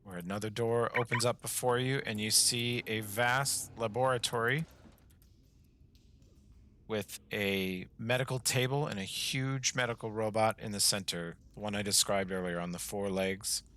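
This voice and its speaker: A man running a tabletop game, painting each scene out loud with the odd filler. His voice sits fairly low, with a bright, forceful tone. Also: fairly even intonation, moderate pace. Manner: descriptive narration with fillers. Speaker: game master.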